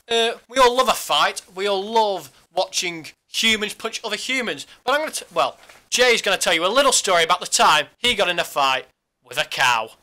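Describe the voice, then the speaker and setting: A man's voice: fairly high pitch, sharp tone. A man co-hosting a casual sports podcast, teasing his partner in jokey banter. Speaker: podcast co-host.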